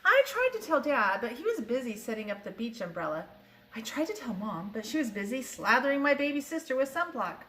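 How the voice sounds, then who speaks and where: An older woman, a grandmother, reading a children's picture book aloud in a lively, expressive way with small slips. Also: a little high, fairly quick, a little hiss or hum. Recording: roomy echo.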